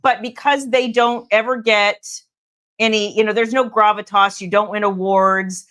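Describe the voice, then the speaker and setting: A woman's voice: medium pitch, steady tone, moderate pace, a bit bright. A middle-aged woman, a romance author, chatting casually on a livestream with rambling asides to viewers. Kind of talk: casual live chat.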